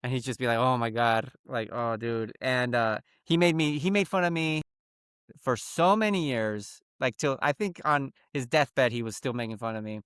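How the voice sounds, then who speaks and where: A man co-hosting a comedy podcast, telling stories with lively acted-out quotes. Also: mid-range voice, normal speed, clear, resonant tone, no room sound, clean studio sound. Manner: animated storyteller, acts out quoted people. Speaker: podcast co-host. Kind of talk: casual comedy podcast chat.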